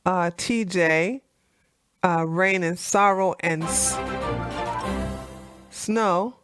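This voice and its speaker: A woman hosting a casual political chat livestream, animated and laughing, with lots of fillers and restarts. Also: fairly low pitch, extremely slow, smooth, soft background music. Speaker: livestream host.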